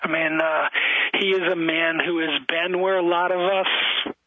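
A man's voice: fairly high pitch, level tone, unhurried. A man, an athletic director being interviewed on radio, talking with enthusiasm and frequent restarts. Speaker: high school athletic director. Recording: tinny phone-like radio sound.

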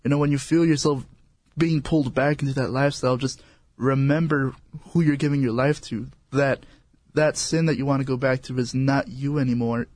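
A man's voice: mid-range voice, steady tone, fairly quick, a little mellow, no room sound. A man speaking as a guest on a faith talk show, earnest and encouraging, often repeating words.

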